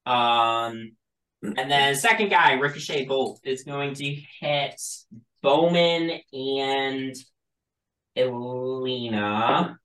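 A game master running a tabletop game in a relaxed, chatty way, often laughing. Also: medium pitch, drawn-out words, echoey room, low-quality recording.

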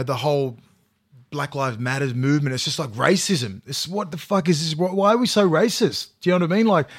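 A man's voice: fairly high pitch, no echo, studio quality. A man co-hosting a podcast, telling stories in a casual way, swearing, restarting sentences and acting out quotes. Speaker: podcast co-host. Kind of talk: casual storytelling chat.

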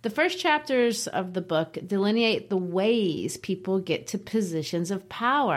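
A woman co-hosting a book podcast in a conversational discussion style, laughing easily and posing questions to her co-host. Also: mid-range voice.

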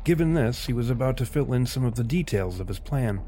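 A man narrating a scripted story in a measured, literary way. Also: mid-range voice, animated, mellow, soft background music.

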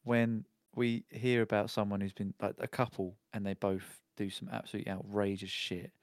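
A man's voice: on the low side, little pitch movement, normal speed, dry recording, clean studio sound. A man co-hosting a comedy podcast, musing in a rambling, jokey way with plenty of fillers. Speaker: podcast co-host. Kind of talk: casual comedic chat.

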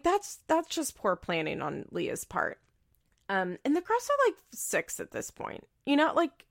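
A woman giving casual commentary as a podcaster, blunt and profane, with frequent "like" fillers. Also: fairly high pitch. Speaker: reality TV recap podcaster.

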